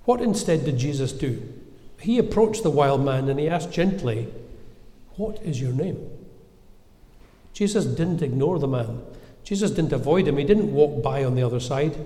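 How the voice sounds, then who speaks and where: A man preaching a sermon in a measured, gentle, earnest way, with reflective pauses. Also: medium pitch, lively intonation. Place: church. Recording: echoey church with long reverb.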